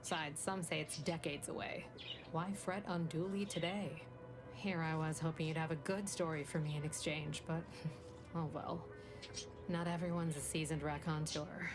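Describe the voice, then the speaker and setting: A woman's voice: deep voice, fairly even intonation, moderate pace, over music, close to an everyday voice. An actress playing an easygoing woman trader in a video game, talking in a laid-back, chatty way.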